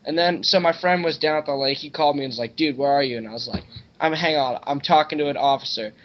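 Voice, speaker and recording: A man's voice: on the high side, fast talker, lo-fi sound. A young man on a podcast, telling a loose, rambling story in casual chat with plenty of swearing. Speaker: podcast co-host.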